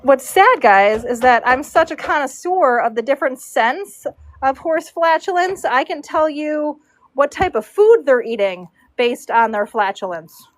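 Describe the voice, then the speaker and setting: Chatty high-voiced woman livestreaming from a barn. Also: expressive, a little slow, no room sound. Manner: chatty, reads viewer comments aloud, baby talk to her dog. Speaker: horse braider livestreaming. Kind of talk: casual livestream chat. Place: horse show barn stall.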